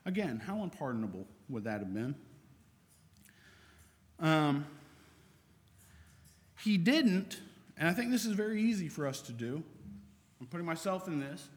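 Conversational preacher, higher-pitched man. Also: big pitch swings, unhurried, pauses often. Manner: conversational, reads scripture aloud. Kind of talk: sermon. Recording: long reverb of a large hall.

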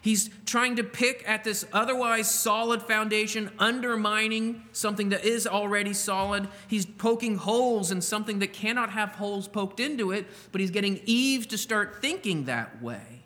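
A man preaching a sermon, slowing down to stress quoted words and asking the listeners rhetorical questions. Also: sits high, sharp tone, long reverb tail. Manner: slow, emphatic delivery with rhetorical questions. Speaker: pastor.

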